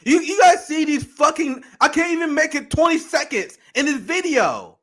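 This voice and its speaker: Fired-up high-voiced male political host. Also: animated, normal speed. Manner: heated, profane, swings into outraged shouting. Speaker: show host. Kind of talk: political commentary stream reacting to a video.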